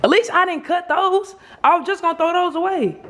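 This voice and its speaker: High-voiced teasing young woman vlogger. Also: brisk, fairly bright tone. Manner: playful, teasing, coaxing. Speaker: vlog host. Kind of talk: casual prank vlog.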